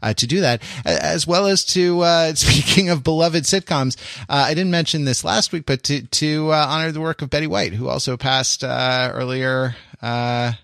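A man's voice: a little high, normal speed, creaky, a bit bright, no room sound. Rambling podcast host man, dry sound. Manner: rambling, many restarts and fillers. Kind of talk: casual podcast chat.

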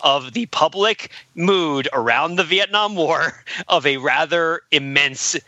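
A man co-hosting a casual film discussion podcast, animated and quick to laugh between points. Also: fairly high pitch, dry recording, lo-fi sound. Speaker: podcast co-host.

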